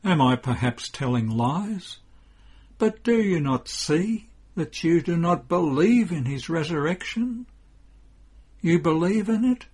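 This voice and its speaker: A husky-voiced man voicing a grieving mother who pleads with anguished exclamations beside her dead son. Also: fairly high pitch, expressive, slow pace, a little mellow, voice pushed up, heavily acted. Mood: pleading.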